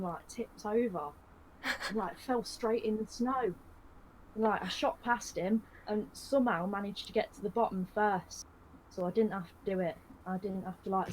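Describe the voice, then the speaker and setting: A woman, telling a rambling, deadpan comic story on a live game stream, full of fillers. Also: mid-range voice, a little hiss or hum, poor audio.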